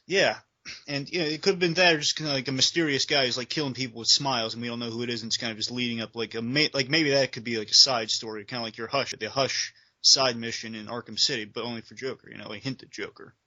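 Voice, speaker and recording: A man's voice: medium pitch, steady tone, quick pace, pushed and bright, muffled recording. A man co-hosting a casual game review chat, rambling and hedging as he talks. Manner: rambling, full of hedges like "kinda" and "you know". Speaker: co-host of a game review discussion.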